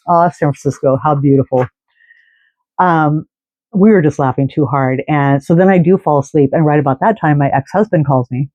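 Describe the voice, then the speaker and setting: A man's voice: fairly high pitch, a little mellow, no room sound, muffled recording. A man telling a long, rambling story in a casual, chatty way, full of fillers and restarts. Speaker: fan podcast host.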